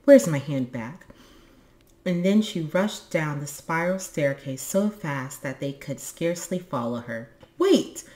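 A woman reading a children's storybook aloud in steady narration. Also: low-pitched, measured pace, few pauses. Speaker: book channel host.

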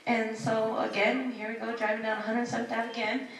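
A woman's voice: a little high, little pitch movement, moderate pace, far from the mic. A woman telling family stories at a memorial service, chatty and acting out the voices she quotes, on a handheld microphone. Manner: chatty storytelling, acts out quoted voices, laughs often. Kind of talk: sharing personal stories at a service. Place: packed hall at a memorial service. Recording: echoey hall, speaker off mic, crowd audible.

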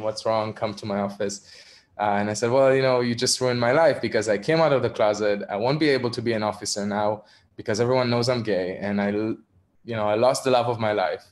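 Candid man telling a personal story. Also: lowish voice. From Israel. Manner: candid, self-deprecating, frequent ums and soft laughs. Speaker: activist speaker. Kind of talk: personal storytelling in a virtual talk. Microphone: video call.

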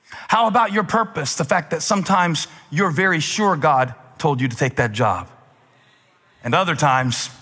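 High bright man preaching hard, big echoey church hall. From South Carolina, US. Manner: emphatic, energetic preaching that builds to shouts. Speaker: pastor. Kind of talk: sermon. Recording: long reverb of a large hall.

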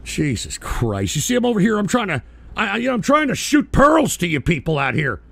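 A man hosting a live talk radio stream, ranting combatively with profanity and bursts of shouting. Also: high-pitched, sing-song, fast, vocal fry, no room sound. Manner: mocking whiny impressions of critics.

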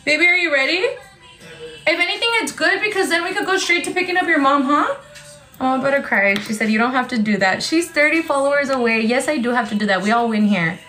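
Excitable woman selling on a livestream. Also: high voice, fast talker, echoey room, soft background music, rough recording. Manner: excitable, chatty, swears freely. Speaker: TikTok live seller. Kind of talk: casual livestream sales chat.

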